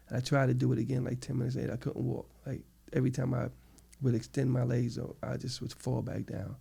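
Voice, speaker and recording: A middle-aged man with a New York accent, telling his story as an interview guest in an animated, casual way, acting out the people he quotes. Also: mid-range voice, quick pace, gravelly, few pauses, breathy edge.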